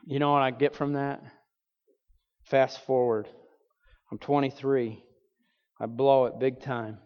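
A man's voice: mid-range voice, fairly even intonation, slow pace. Man preaching a story in a reverberant church. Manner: conversational, acts out quoted voices, frequent fillers and restarts. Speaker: pastor. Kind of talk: sermon storytelling. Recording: dull reverberant hall recording.

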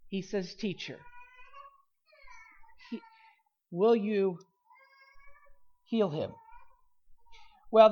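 Preacher working through a Gospel passage with earnest, building emphasis, mid pitch, muffled lo-fi audio. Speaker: pastor. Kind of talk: sermon.

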